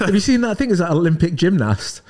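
A man's voice: sits high, very animated, fast, darkish tone. A man co-hosting a casual podcast, laughing often and chiming in with short replies. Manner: laughs often and backchannels a lot. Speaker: podcast co-host. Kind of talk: casual chat.

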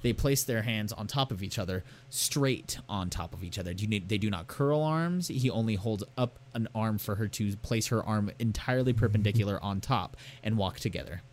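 A man chatting casually as a podcast co-host, telling lively stories, swearing freely and acting out quotes. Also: lowish voice, a little fast, hardly any pauses. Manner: animated storyteller, swears freely, acts out quotes. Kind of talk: casual chat. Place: garage.

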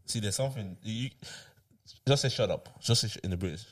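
A man's voice: lowish voice, quick pace. A man co-hosting a casual chat, who laughs a lot and starts his sentences over. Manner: laughs often, hesitant restarts, mimics accents.

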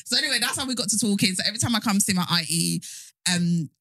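A woman's voice: mid-range voice, quick pace, no echo. A young woman, casually telling a long personal story to friends and acting out the quotes. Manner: animated, acts out quotes.

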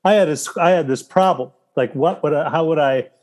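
A man talking as a guest in a casual interview, telling animated stories with profanity and quoting his own thoughts aloud. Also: fairly high pitch, fairly quick. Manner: animated storytelling with profanity and quoted inner thoughts. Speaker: guest, filmmaker and actor.

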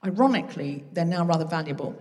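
A woman works the crowd from a theatre stage, teasing and chatty, with quick asides. Her voice sits mid-range and rings out into a hall with a long tail of reverb. Faint room noise sits under her. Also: on the low side, lively intonation, darkish tone. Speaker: comedy podcast host. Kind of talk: live stand-up crowd work. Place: theatre stage before a live audience.

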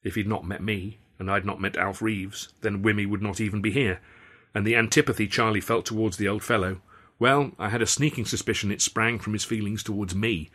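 A man's voice: on the low side, fairly even intonation, a little fast, a bit bright. A man reading his own first-person story aloud in a wry, dry storytelling manner. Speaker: author and reader.

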